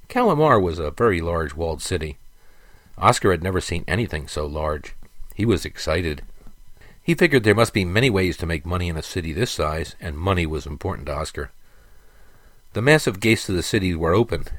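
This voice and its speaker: Deep-voiced male audiobook narrator. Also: fairly bright tone, no echo.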